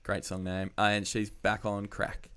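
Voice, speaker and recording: A man's voice: on the low side, completely flat delivery, measured pace, a bit bright, clear, resonant tone. A man hosting a casual music podcast, chatting loosely with fillers and swearing. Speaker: podcast host. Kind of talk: casual chat.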